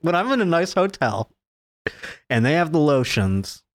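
A man's voice: a little high, big pitch swings, normal speed, dry recording. A man in crude casual chat, giggly and rambling, trailing off with fillers.

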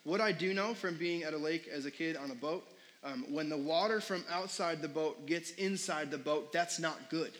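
Man, young adult, pastor, casual conversational sermon, asks the congregation questions, slightly high voice, faint background noise. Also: normal speed, fairly bright tone, low-quality recording.

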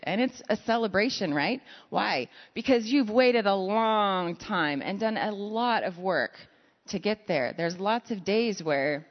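A woman's voice: mid-range voice, muffled recording. Woman preaching in a reverberant hall. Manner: warm storytelling with self-deprecating asides. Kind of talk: conversational sermon. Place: church sanctuary.

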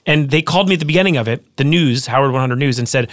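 A man in his thirties, an author guest telling his story in a casual interview, earnest and quick with frequent restarts. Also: mid-range voice, no echo, clean studio sound.

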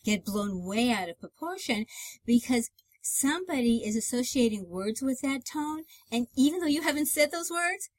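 A woman co-hosting a relationship advice talk, an animated storyteller who jumps in to finish her partner's points. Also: high voice, normal speed. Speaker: co-host. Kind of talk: conversational relationship advice show.

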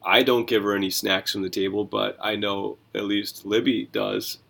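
On his Bible reading podcast, a pastor goes through scripture conversationally and with energy, asking rhetorical questions along the way. His voice is lowish and creaky, and he moves at a moderate pace.

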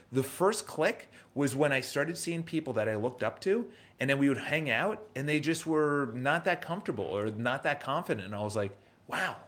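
A man in his thirties with a New York accent, hosting a casual motivational livestream, emphatic and repetitive, with a lot of rhetorical questions. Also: mid-range voice. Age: 30s. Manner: emphatic, repeats himself, asks rhetorical questions. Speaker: livestream host.

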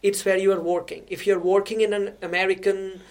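A woman from India, a guest researcher, explaining her work in a conversational interview in a measured way with frequent restarts. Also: medium pitch, level tone, a little mellow.

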